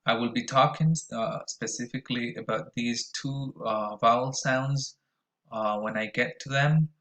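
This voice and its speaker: A man's voice: medium pitch, measured pace, bright, forceful tone, echoey room. A man teaching a recorded pronunciation lesson, explaining carefully with frequent "uh" and "um" fillers.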